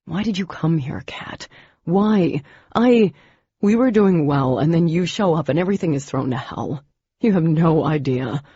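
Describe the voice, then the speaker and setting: A woman's voice: deep voice, animated, moderate pace, creaky, dark tone, husky, no room sound, lo-fi sound, heavily acted. A woman doing Demon, an intense weary young man.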